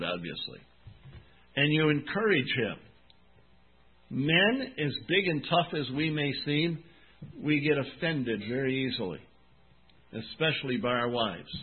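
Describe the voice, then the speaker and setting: A man in his seventies preaching a sermon in an earnest, folksy way, leaning on words slowly for emphasis. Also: medium pitch, slightly rough. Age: 70s. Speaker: pastor. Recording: tinny phone-like recording.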